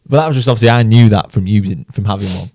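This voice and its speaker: A man's voice: lowish voice, rapid-fire, dark tone, dry recording, studio quality. A man from England, co-hosting a golf podcast, telling a story in casual chat and laughing often as he goes. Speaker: podcast co-host.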